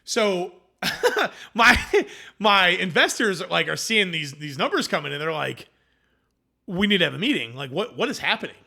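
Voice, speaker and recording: A man's voice: high-pitched, normal speed, vocal fry. A man, a food company founder, telling his story in a casual interview and acting out quoted conversations. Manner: animated, acts out quoted dialogue.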